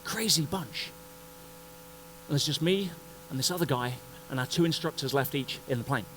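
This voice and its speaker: A man giving a motivational talk at a conference, telling a story in an animated way and acting out the scenes. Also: a little high, normal speed, slight background noise, low-quality recording. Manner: animated, acts out scenes and voices. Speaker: conference speaker. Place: conference stage before an audience.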